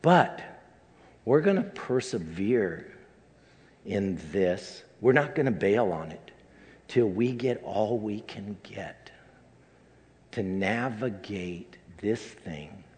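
Halting older man preaching, low voice. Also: expressive, a little mellow. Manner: halting, emotional, many restarts. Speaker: pastor. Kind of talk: personal sermon. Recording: long reverb of a large hall.

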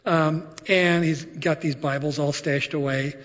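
A male preacher tells stories from the pulpit in a relaxed, animated sermon voice that sits a little high for a man. His voice rings out with a long reverb tail, and the recording sounds slightly dull and muffled. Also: unhurried. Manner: conversational, animated storytelling with asides. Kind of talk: sermon storytelling.

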